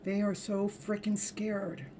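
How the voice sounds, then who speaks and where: A woman's voice: mid-range voice, flat delivery, takes it slowly, dark tone, a little hiss or hum. A woman giving a live tarot reading in a chatty way, laughing often and acting out voices for the figures in the cards. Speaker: tarot reader.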